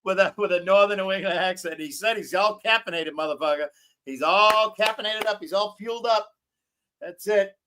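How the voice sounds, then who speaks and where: A man's voice: high-pitched, fairly quick, background noise. A man hosting a casual live-stream chat, rambling and joking in a loose, giggly way.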